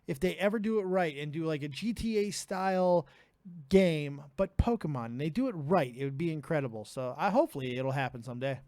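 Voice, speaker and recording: A man's voice: a little high, expressive, fairly quick, a little mellow, dry recording. A man hosting a live call-in stream, chatting casually, laughing often and swearing freely. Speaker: livestream host taking calls.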